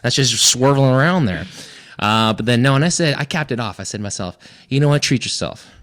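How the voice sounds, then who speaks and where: A man's voice: mid-range voice, lively intonation, fairly quick, fairly bright tone. A man, a podcast co-host, chatting in a jokey, rambling, self-mocking way. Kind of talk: casual comedic chat.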